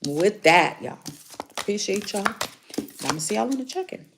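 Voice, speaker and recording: A woman's voice: mid-range voice, big pitch swings, normal speed, background noise. A woman doing a casual spiritual tarot reading for her viewers, chatty and emphatic, repeating key points. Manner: chatty, emphatic repetition, frequent laughs. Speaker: tarot reader.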